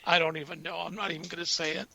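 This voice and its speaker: A man's voice: fairly high pitch, little pitch movement, rapid-fire, creaky, bright, forceful tone, dry recording. Laid-back, joking man radio host. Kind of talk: casual chat.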